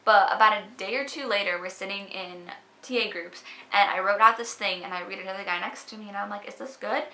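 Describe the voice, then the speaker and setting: A chatty young woman speaks straight to her camera in a loose vlog manner, peppering her talk with "like". Her voice is bright with a gravelly fry at the ends of phrases. The room around her rings with noticeable echo. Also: mid-range voice, brisk. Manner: chatty, fills speech with "like". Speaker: vlogger. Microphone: camera mic. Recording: echoey room.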